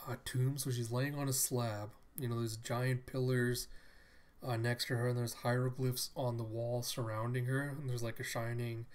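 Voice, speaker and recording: A man of middling pitch talks through a comic book scene by scene in a relaxed, conversational retelling. He keeps backing up to fix a name or detail partway through a sentence, and he never sounds scripted. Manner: chatty, retells scenes loosely and corrects himself mid-sentence. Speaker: comic book reader and commentator. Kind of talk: casual read-through narration.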